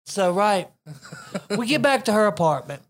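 A man's voice: high voice, sing-song, normal speed, slight background noise. A man telling a crude story in a laid-back, casual chat with a friend.

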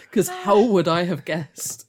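A woman's voice: medium pitch, husky. A woman co-hosting a podcast in casual chat, emphatic and often laughing. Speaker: podcast co-host.

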